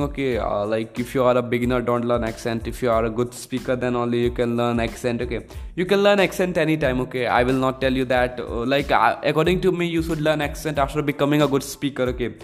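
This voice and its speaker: Male podcast host, mid-pitched, hesitant, gives advice with a constant "okay". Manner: repetitive, tags sentences with "okay"; hesitant, many fillers and restarts. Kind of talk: casual advice monologue.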